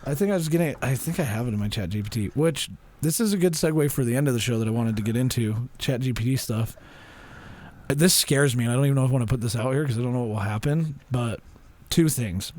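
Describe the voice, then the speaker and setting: Young guy on a podcast, storytelling, does the voices for people he quotes, mid pitch. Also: fast talker, a little mellow. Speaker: podcast co-host. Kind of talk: casual podcast chat.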